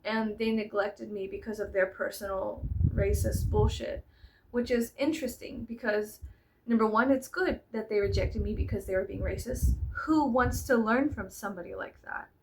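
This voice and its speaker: A woman in her thirties talking straight to the camera in a casual monologue, blunt and profane, going quiet and then loud. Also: mid-range voice, steady tone, moderate pace, noisy background. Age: 30s. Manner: blunt and profane, swinging between soft and loud. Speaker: vlogger.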